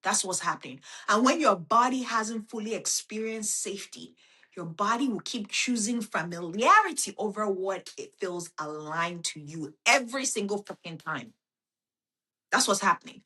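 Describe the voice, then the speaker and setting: A woman hosting a podcast, giving a slow, intimate self-help monologue that speaks to the listener as a friend and swears casually. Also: mid-range voice, animated, pushed and bright. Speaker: podcast host.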